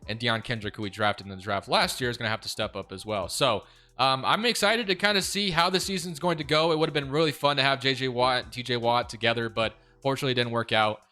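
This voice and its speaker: A young man giving casual commentary over a football video game, excitable and quick to rant in frustration. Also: medium pitch. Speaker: gaming YouTuber.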